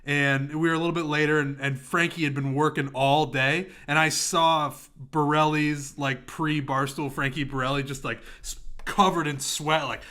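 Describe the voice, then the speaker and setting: Bright, joking man in podcast banter. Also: fairly high pitch, normal speed, hardly any pauses. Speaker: podcast co-host. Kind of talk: casual podcast chat.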